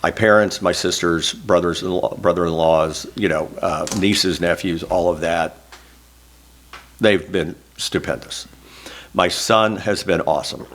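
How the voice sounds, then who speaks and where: Low-voiced man telling an emotional story. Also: fairly even intonation, measured pace, fairly bright tone, a little hiss or hum. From Oklahoma. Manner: emotional, candid storytelling, close to tears. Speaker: interview guest, former state senator. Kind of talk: oral history interview.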